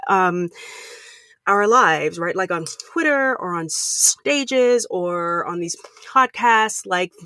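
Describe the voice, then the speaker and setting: A woman's voice: medium pitch, fairly bright tone, dry recording, clean studio sound. A woman speaking as a podcast guest in casual conversation, stuttering often and repeating first sounds before words. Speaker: podcast guest, empathy consultant.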